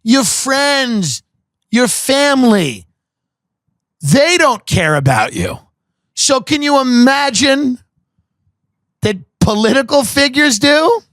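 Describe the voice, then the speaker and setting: A man's voice: extremely high pitch, lively intonation, takes it slowly, pauses often, a bit bright, dry recording, clean studio sound. A man hosting a podcast, delivering a profane, sarcastic comedic rant that mocks the people he describes. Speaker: podcast host.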